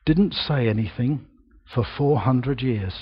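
Older male preacher, slow and emphatic sermon delivery, husky tone. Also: mid-range voice, lo-fi sound. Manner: slow, emphatic delivery with dramatic pauses and raised projection. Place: church.

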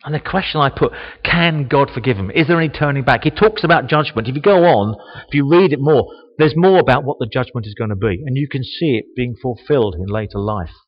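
A man giving a sermon, reading a Bible passage slowly and reflecting on it, growing louder on the quoted lines. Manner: slow, reflective, rises in pitch and volume on quoted speech. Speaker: preacher. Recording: dull, long reverb of a church hall.

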